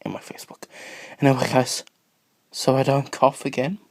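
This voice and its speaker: A man with a cough rambles casually to the viewers of his video blog, getting easily distracted and sometimes drifting into whispers. His mid-range voice is completely flat and moves at a normal speed, recorded on a phone camera with no room sound.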